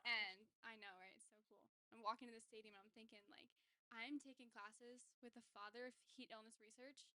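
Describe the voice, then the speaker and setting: A woman's voice: on the high side, steady tone, fairly quick, sharp tone, no room sound. A young adult woman, a kinesiology doctoral student, chatting eagerly as a podcast guest and filling her talk with "like". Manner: chatty and enthusiastic, many "like"s. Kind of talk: casual podcast interview.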